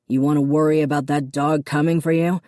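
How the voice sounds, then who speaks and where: A woman's voice: sits low, flat delivery, fairly quick, mellow, no room sound, clean studio sound, natural voice. A woman reading an audiobook, voicing a stern father who snaps and snarls at others. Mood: harsh. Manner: snapping, cold. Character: stern wealthy father, curt and harsh.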